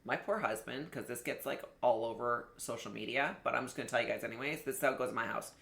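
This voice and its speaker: A woman business coach teaching a live online masterclass, talking in an animated, conversational way and speaking straight to her viewers. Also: very deep voice, fast talker, vocal fry, reverberant.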